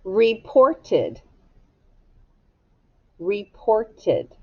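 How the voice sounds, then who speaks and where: A middle-aged woman teacher giving a slow, patient phonics lesson, sounding out word parts step by step. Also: lowish voice, lo-fi sound. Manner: slow, patient, drawn-out instruction.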